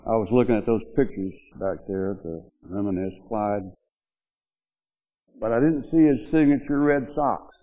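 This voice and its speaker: A man's voice: on the low side, measured pace, lo-fi sound. An older man giving a eulogy at a memorial gathering, telling rambling, folksy anecdotes about an old friend with lots of "you know"s. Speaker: eulogy speaker. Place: memorial gathering, speaking to mourners.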